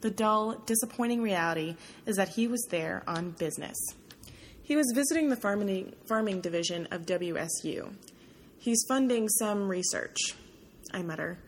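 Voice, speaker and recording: Soft-spoken woman audiobook narrator. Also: medium pitch, lively intonation, normal speed, slight background noise, low-quality recording. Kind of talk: first-person audiobook narration.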